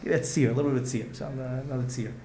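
A man's voice: mid-range voice, fairly even intonation, very fast, warm tone, a little hiss or hum. A man giving an earnest Torah lecture as a rabbi, repeating himself and restarting phrases. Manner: earnest, repetitive, restarts phrases, mixes in Hebrew and Yiddish words. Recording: echoey room with faint ambience.

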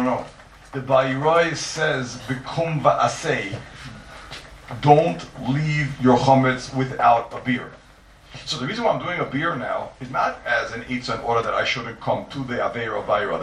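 A man's voice: mid-range voice, a bit bright, slight background noise. A man teaching a Talmudic lecture, emphatic and repetitive, posing rhetorical questions and stressing his points. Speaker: Torah teacher. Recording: echoey room, distant mic.

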